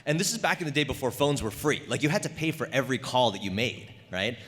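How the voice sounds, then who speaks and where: Man in his 40s, voice actor on a panel, easygoing, bright voice, echoey hall. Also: medium pitch, big pitch swings, fast. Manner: easygoing, rambling storyteller. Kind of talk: convention panel storytelling.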